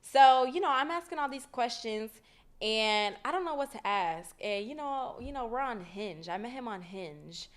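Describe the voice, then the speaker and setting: A woman hosting her own podcast, telling stories in a casual, slangy, animated way and laughing often. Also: fairly high pitch, moderate pace. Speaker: podcast host. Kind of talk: casual storytelling chat.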